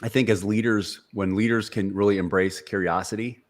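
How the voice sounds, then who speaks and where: Deep-voiced earnest motivational storyteller man. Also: steady tone, moderate pace. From Seattle area. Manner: earnest, motivational, frequent restarts and fillers. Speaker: podcast guest, sales speaker and author. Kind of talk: conversational storytelling interview.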